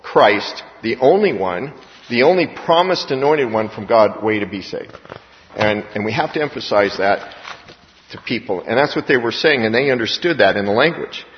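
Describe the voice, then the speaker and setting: A male pastor preaching a sermon in an animated way, acting out the voices he quotes. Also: medium pitch, moderate pace. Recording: dull reverberant hall recording.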